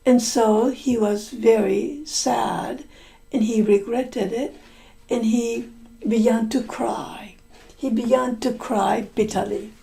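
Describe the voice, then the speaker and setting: A woman's voice: a little high, fairly even intonation, slow pace, creaky, mellow. A woman telling a folk tale to English learners, repeating and rephrasing lines and explaining words as she goes. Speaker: storyteller and English teacher.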